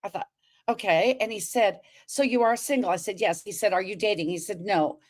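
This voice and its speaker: A woman telling her story on a talk show as a guest, expressive, acting out quoted dialogue and turning to address the listeners. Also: mid-range voice, fairly quick.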